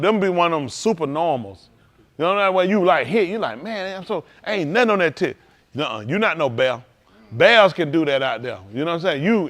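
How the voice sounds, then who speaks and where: Guy joking around on a livestream, high voice, all over the place pitch-wise. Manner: animated storytelling, acting out quoted voices, laughing. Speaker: livestream host at a congregation. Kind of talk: casual joking talk to a livestream audience.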